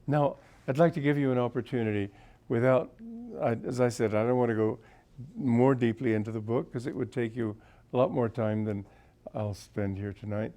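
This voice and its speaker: A man's voice: mid-range voice, fairly even intonation, normal speed, warm tone. A man in his seventies with a sore throat, giving an informal spiritual talk as a teacher and telling anecdotes as a genial storyteller. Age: 70s. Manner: genial storyteller, often chuckling.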